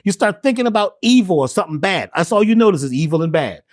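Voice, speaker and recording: High-pitched and very animated, the interviewed man talks fast as he preaches his teachings, full of rhetorical questions and slang. He is a spiritual healer and herbalist appearing as a guest, heard in a dry, clean studio recording.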